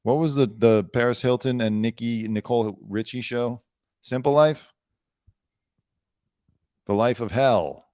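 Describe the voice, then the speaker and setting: A man's voice: medium pitch, unhurried, long pauses, darkish tone, dry recording, clean studio sound. Sarcastic male entertainment news host. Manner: sarcastic, rambling riffs between read-out headlines. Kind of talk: casual news commentary.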